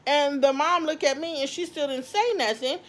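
A woman vlogger telling a story to her viewers, animated and laughing as she talks. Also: high-pitched, normal speed. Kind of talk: storytime vlog.

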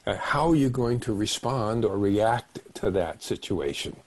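Older male host, husky and unhurried, reflective webinar talk. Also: on the low side, lively intonation, a little mellow. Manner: slow, reflective, acts out short quoted exchanges. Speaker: doctor giving a meditation talk. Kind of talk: calm webinar talk on relationships. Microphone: webinar microphone.

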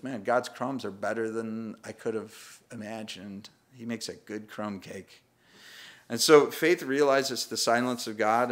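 A man preaching a sermon as pastor, chatty and self-deprecating, often acting out little voices and laughing at the text. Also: medium pitch. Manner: conversational, self-deprecating, acts out voices with humor. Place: church.

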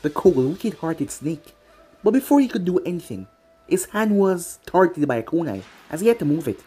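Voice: medium pitch, sing-song, normal speed, warm tone, breathy edge. A narrator reading a fan-fiction action story aloud, with dramatic storytelling.

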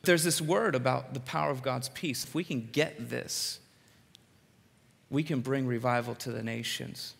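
A man from the Philadelphia area delivers a sermon in a large hall, his voice bright with a gravelly edge and ringing off the walls. He tells stories in an animated way, slipping in quick jokes and repeating words for effect. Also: mid-range voice. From Philadelphia area, USA. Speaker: preacher. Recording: reverberant hall.

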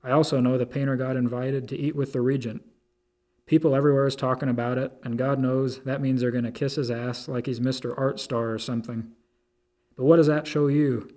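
A man's voice: mid-range voice, fairly even intonation, fairly quick, a little mellow, lightly acted. A man voicing a stern, zealous young man who speaks bluntly and insistently in a storybook reading.

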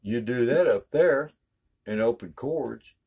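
A man's voice: medium pitch, slow, gravelly. An older man giving a casual guitar lesson in a folksy, emphatic way, repeating his points. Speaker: guitar teacher.

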